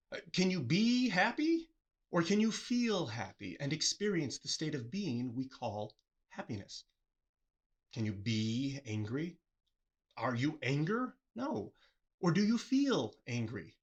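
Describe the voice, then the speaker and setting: A man's voice: medium pitch, fairly bright tone, slightly rough. A man hosting a reflective solo talk, earnest and questioning, often acting out short quoted replies in a livelier voice. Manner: earnest, asks the listener many questions, acts out quoted replies. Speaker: host.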